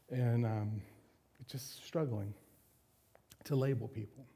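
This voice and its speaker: Husky, gravelly pastor preaching. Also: male voice, medium pitch, measured pace, long pauses, warm tone. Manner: candid, confessional, self-deprecating. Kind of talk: sermon.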